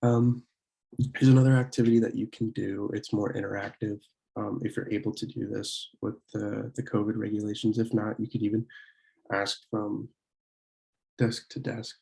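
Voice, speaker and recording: Young guy teaching a french lesson, flat and dark voice, stops to clear his throat a lot. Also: fairly low pitch, low-quality recording. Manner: clears throat often, pauses to correct himself; slow, repeated pronunciation drills. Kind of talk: slide-based language lesson.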